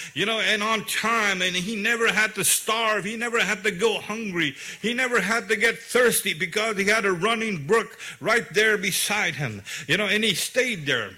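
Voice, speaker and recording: A man preaching a sermon in a relaxed, conversational way, often saying "you know.". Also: sits high, slightly rough.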